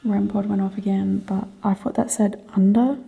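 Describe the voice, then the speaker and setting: A woman hosting a ghost-hunting vlog, asking slow, coaxing questions to spirits inside an old prison hallway. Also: mid-range voice, steady tone, gravelly, loud music behind the voice. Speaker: paranormal investigator and host. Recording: echoey hall with long reverb.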